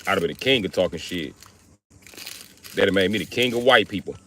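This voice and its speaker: A man hosting a livestream, riffing through a crude comedic monologue and jumping into high put-on voices for quotes. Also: expressive, a little fast, sharp tone, a little hiss or hum. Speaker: livestream host.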